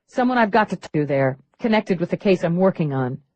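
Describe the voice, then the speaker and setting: Blunt skeptical female cop read by a woman, dry close sound, lively pitch. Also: brisk, no echo, dull audio. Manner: dry, blunt, matter-of-fact.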